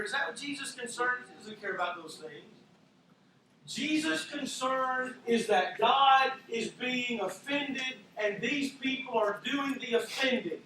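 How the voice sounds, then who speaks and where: A man's voice: very high voice, expressive, measured pace, pushed and bright. A man preaching a sermon as pastor, conversational with self-deprecating asides. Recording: echoey hall from far off, faint noise.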